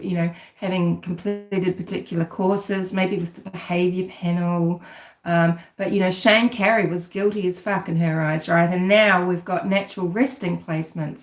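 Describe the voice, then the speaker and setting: A true-crime commentator gives casual, rambling livestream commentary with a sarcastic edge as she digs into a case. Her voice sits on the low side and is creaky, and the recording has a roomy echo.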